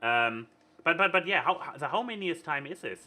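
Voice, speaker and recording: A man co-hosting a casual podcast, his voice very bright and his pitch bouncing around a lot. He talks hesitantly, stumbling and restarting with fillers, over a remote call mic. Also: animated, a little fast. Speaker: podcast co-host.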